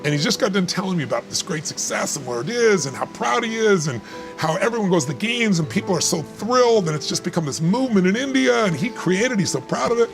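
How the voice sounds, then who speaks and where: A man's voice: high voice, lively intonation, fast talker, vocal fry, over music. A man giving motivational talk in conversation, emphatic and repetitive, telling stories to make his point. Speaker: motivational speaker.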